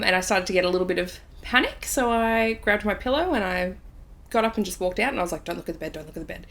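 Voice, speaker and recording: A woman's voice: on the low side, fairly bright tone. A woman hosting a podcast, chatting casually and telling a story with lots of fillers. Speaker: podcast host. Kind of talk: casual chat.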